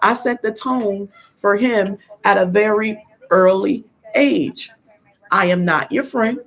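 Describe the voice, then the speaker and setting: An older woman, a grandmother, hosting a casual live stream and telling stories in a firm, no-nonsense way, acting out quoted dialogue and now and then clearing her throat. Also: medium pitch, takes it slowly. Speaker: host of a live parenting talk.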